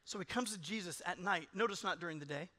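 Pastor guy preaching, bright high voice, big hall echo, acts out little voices. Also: quick pace. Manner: animated, acts out voices of people in examples. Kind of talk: sermon. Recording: long hall reverb.

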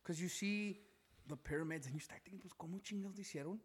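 A man's voice: high voice, breathy edge. A young Mexican American man from Chicago co-hosting a casual podcast, talking animatedly and mixing English and Spanish. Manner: fast and animated, mixing English and Spanish, says bro a lot. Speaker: podcast co-host. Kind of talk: casual chat.

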